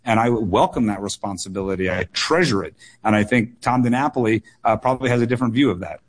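A political candidate, a young man from the United States, answers listener questions on a radio show. His low voice is earnest, with frequent restarts and doubled words. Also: quick pace. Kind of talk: radio call-in interview.

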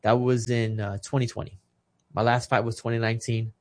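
A man's voice: medium pitch, little pitch movement, brisk. A man in his thirties, a retired boxer as podcast guest, telling a personal story with feeling and acting out the lines of other people. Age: 30s. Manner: emotional storytelling, acting out quoted dialogue. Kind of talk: casual podcast conversation.

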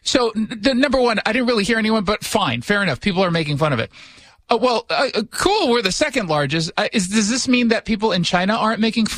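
Man, radio talk host, high voice, sarcastic jokes, dry close studio sound. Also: expressive, fast, a bit bright, no room sound. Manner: sarcastic, joking asides. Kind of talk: casual opinion talk.

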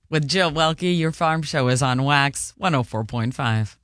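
A man's voice: fairly high pitch, measured pace, a bit bright, no room sound, clean studio sound. A man reading the morning news on a radio farm show, with breezy, joking asides between stories. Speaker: news reporter. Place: radio studio.

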